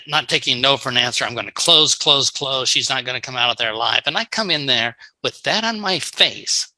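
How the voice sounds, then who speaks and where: A man's voice: medium pitch, bright, forceful tone, no echo, poor audio. Folksy man teaching over a video call. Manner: folksy, storytelling with acted-out quotes. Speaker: sales trainer. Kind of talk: live online training talk. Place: online meeting.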